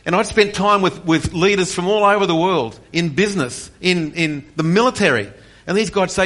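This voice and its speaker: A man's voice: sits high, normal speed. A man in his forties preaching a passionate sermon with personal testimony, rising in intensity on key points. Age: 40s. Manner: passionate, rising to near-shouts on key points, with frequent restarts. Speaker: pastor.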